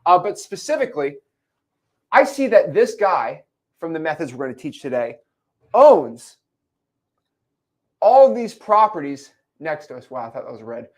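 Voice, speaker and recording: Lively young man teaching wholesaling. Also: on the high side, moderate pace, pauses often. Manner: animated, explains with repeated check-ins; acts out characters in put-on voices. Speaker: real estate educator. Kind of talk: whiteboard lesson.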